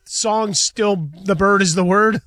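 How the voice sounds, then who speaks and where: A man's voice: sits high, takes it slowly, fairly bright tone. A man co-hosting a sports radio show in a studio, chatting conversationally with dry quips.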